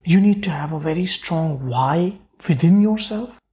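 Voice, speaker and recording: A man, an entrepreneur guest, telling his story in an interview in an earnest, halting way with restarts. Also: on the high side, lively intonation, warm tone.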